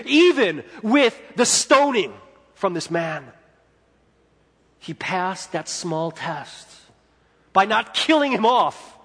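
A pastor delivers a sermon in a high voice, rising to loud peaks and dropping to near hushes. The sound rings with a long reverb from a large hall. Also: male voice. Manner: preaching with swings between loud and hushed.

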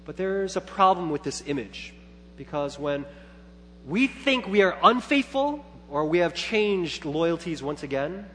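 A man in his thirties preaches to his congregation in a high, bright voice. He moves from quiet reflection to loud, animated storytelling, acting out his own thoughts. His voice rings through a reverberant church hall over a faint hum. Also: unhurried. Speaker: pastor. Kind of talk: sermon.

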